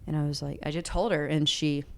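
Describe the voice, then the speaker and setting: Smooth-voiced young woman, earnest and open. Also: deep voice, fairly even intonation, brisk. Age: young adult. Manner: earnest, open, heavy use of "like". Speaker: singer-songwriter guest. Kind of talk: candid interview talk.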